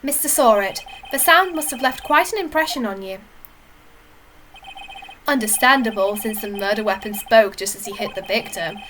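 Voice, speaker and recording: A woman's voice: on the high side, moderate pace, fairly bright tone, a little hiss or hum, natural voice. A woman voicing an earnest young male defense lawyer who presses his argument.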